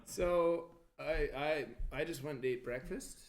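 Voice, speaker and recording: Tired, joking man with a higher voice. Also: measured pace. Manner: profane, self-mocking, animated storyteller. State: tired after little sleep. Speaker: stream guest and tournament commentator. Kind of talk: casual joking chat.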